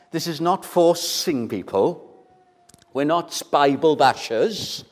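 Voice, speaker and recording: A man preaching an evangelistic sermon, earnest and pleading, building to forceful appeals. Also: on the high side, expressive, measured pace.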